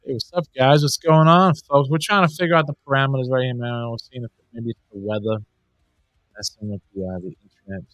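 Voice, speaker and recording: A man's voice: mid-range voice, fast talker, a bit bright, dry recording. A man co-hosting a podcast over a video call, talking loosely and joking with plenty of swearing. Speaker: podcast co-host. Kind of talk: casual chat.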